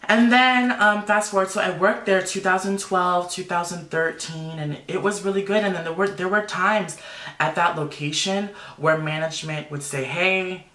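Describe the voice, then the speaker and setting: A young man, a makeup artist, telling a personal story in an animated, emotional vlog full of fillers. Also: sits high, normal speed. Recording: roomy echo.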